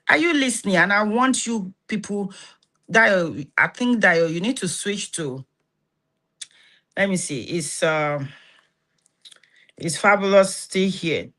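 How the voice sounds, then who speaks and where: A woman's voice: medium pitch, lively intonation, slow, pauses often, fairly bright tone. A woman with a Nigerian Yoruba accent hosting a live stream, talking animatedly and acting out quoted dialogue. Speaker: host of a live stream on relationships and healing.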